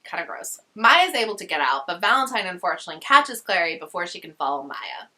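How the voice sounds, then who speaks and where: A woman's voice: on the low side, sing-song, fast, sharp tone. A young woman casually summarizing a novel in a chatty, sarcastic way with slangy asides. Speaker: book vlogger.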